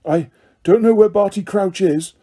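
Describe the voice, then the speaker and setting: A man voicing an elderly male wizard headmaster who gives calm, firm orders. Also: sits high, moderate pace, voice pushed up.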